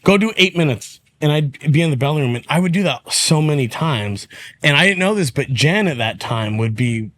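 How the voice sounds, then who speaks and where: A man's voice: a little high, animated, fairly quick, a bit bright, a little hiss or hum. A man, a stand-up comedian guest, telling a long rambling story in casual podcast chat and swearing freely.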